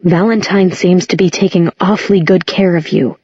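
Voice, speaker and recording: A woman's voice: fairly low pitch, steady tone, moderate pace, warm tone, slightly rough, no room sound. A woman voicing an earnest, impulsive young woman who speaks in raised, eager lines, in a storybook reading. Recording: dull lo-fi audiobook recording.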